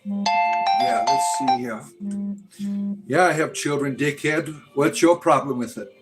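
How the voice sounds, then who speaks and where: A middle-aged man hosting a casual livestream from home, answering chat in a blunt, profane, sarcastic way and sometimes drawing words out in a slow, mock-grand tone. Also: mid-range voice, animated, music in the background. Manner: slow drawn-out mock-grand delivery at times.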